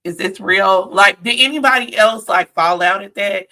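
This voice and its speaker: A woman's voice: medium pitch, moderate pace, hardly any pauses, pushed and bright. A woman giving a chatty, sassy live-stream recap of a reality show, talking straight to her viewers.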